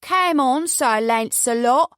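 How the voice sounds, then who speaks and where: A woman voicing a cocky young ginger man with a Southern US accent, a brash gambler with a loud, showy drawl. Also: very high-pitched, slow, clean tone, no room sound, studio quality, voice pushed up, heavily acted. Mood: taunting. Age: young adult. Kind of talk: audiobook character voice.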